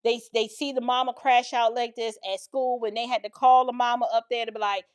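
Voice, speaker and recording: A middle-aged woman reacting to a clip with blunt, emphatic commentary. Her voice sits high, and her speech is loose and colloquial. She talks straight to her viewers. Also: level tone, a little fast, hardly any pauses, clear, resonant tone. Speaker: political and cultural commentator.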